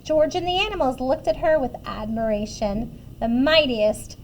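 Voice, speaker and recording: Animated woman reading a picture book to kids. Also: high-pitched, normal speed, a little hiss or hum. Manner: animated, asks listeners questions about the pictures. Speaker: children's story reader.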